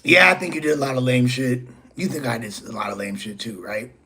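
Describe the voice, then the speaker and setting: Husky-voiced man ranting casually. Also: mid-range voice, a little fast, pushed and bright. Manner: rambling and profane, with "you feel me" and "bro" fillers. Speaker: host. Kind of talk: casual monologue addressed to a rival.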